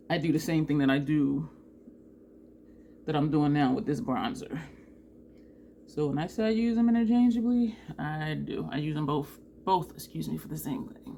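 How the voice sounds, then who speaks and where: Woman, beauty vlogger, casual makeup chat, low-pitched, faint room hum. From New Jersey. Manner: chatty and animated, laughs often.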